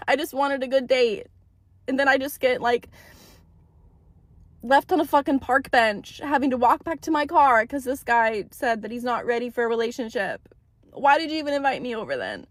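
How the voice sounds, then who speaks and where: A young woman rants into her phone with a high, frustrated voice, swearing and repeating herself for emphasis. The sound is dry and close, with no room around her. She talks in a casual storytime manner. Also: animated, moderate pace, dry recording. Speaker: TikTok storyteller. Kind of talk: ranting storytime.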